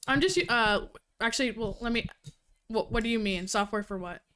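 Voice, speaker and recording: A woman livestreaming casual chat with her viewers, talking fast and cursing freely, a little out of breath. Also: fairly high pitch, fairly bright tone, a little hiss or hum. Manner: fast-talking, profane, giggly. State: slightly out of breath. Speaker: livestreamer reviewing books.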